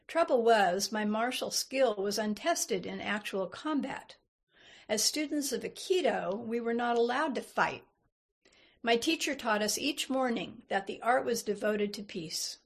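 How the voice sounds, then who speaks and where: A woman reading a first-person story aloud in a measured, unhurried way. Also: fairly high pitch, expressive. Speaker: reader. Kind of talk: storybook narration.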